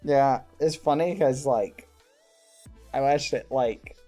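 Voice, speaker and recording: A man's voice: slow, faint music behind. A man streaming a survival game, chatting casually and yelping when startled. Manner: excitable, yelps up high when startled. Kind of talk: casual gaming chat.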